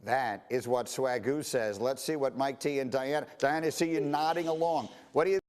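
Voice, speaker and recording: A man's voice: medium pitch, fairly even intonation, moderate pace, a little mellow. A man hosting a morning TV sports panel, steadily handing questions to his guests. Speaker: TV show host.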